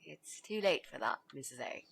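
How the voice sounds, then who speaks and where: An actress playing a brash young woman student who talks her way in as a babysitter, bold and quick to take charge. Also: very deep voice, animated, gravelly, fairly bright tone, a little hiss or hum, exaggerated voice. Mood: confident.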